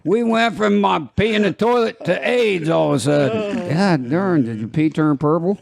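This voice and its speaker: A man's voice: sits high, moderate pace, gravelly, a crowd in the background. An older man with a small-town American twang, hosting a podcast and telling rambling jokey stories in casual chat. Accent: rural American twang. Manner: rambling, joking, laughs at his own stories. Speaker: podcast host.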